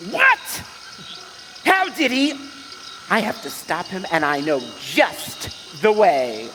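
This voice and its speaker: A man's voice: fairly high pitch, lively intonation, takes it slowly, long reverb tail, noisy background, pitched below the performer's own voice. A man voicing a jealous, scheming male bird rival at a live stage reading, spiteful. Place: theater stage.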